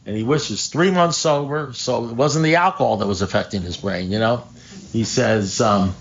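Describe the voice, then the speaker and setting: An older man shares his recovery story at a meeting, acting out both sides of old phone calls and cursing freely. His voice sits at an average pitch. The room recording is a little muffled, with faint ambience behind him. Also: normal speed, slight background noise. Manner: animated storyteller, acts out phone calls, swears, laughs at his own punchlines. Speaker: AA speaker.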